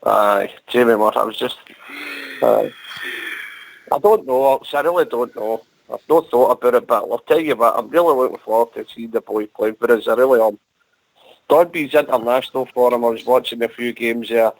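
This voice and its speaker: Gravelly scottish bloke, keeps saying he really does think so, dry close sound. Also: mid-range voice, normal speed, no echo, rough recording. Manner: earnest, repeats himself for emphasis. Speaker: fan radio regular. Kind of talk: casual football chat.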